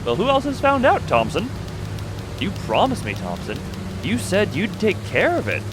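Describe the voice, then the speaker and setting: A man's voice: high-pitched, huge pitch swings, normal speed, music in the background, voice pushed up. A man reading as a frantic cornered killer. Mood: desperate. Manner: pleading, frantic. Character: desperate male killer, cornered.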